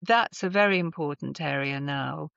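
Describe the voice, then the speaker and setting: A woman's voice: deep voice, normal speed, gravelly, a bit bright, dry recording. A woman, a voice therapist, explaining her work thoughtfully with examples in a conversational interview. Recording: slightly dull remote audio.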